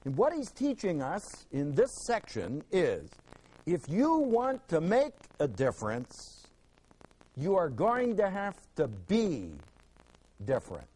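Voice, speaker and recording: Male Bible teacher, high and very lively delivery, emphatic, quizzes his class. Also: slow, low-quality recording. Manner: emphatic, rhetorical questions, repeats words for stress.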